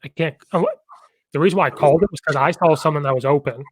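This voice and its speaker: A man's voice: on the high side, racing. A man hosting a podcast and chatting casually about coaching football, telling rambling stories with a lot of enthusiasm.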